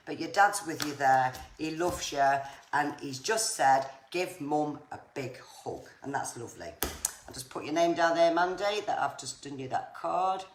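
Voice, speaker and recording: A low-pitched woman relays messages from spirit to viewers of her live stream. She talks in a chatty, reassuring way and keeps using the viewers' names. Her voice sits in an echoey room with faint background noise. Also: normal speed. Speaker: psychic medium.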